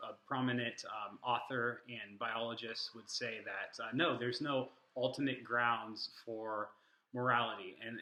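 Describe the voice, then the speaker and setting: A man's voice: fairly low pitch, pushed and bright, reverberant, rough recording. A man teaching an informal lesson on worldviews, earnest and stressing the quotes he reads aloud. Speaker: Christian apologetics teacher.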